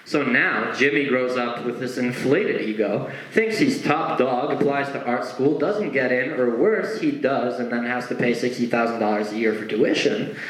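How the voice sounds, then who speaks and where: A man's voice: medium pitch, normal speed. A young man doing a stand-up comedy set, talking conversationally with lots of asides. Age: young adult. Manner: conversational, with frequent asides and lively acted quotes. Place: stage performance. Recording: roomy echo.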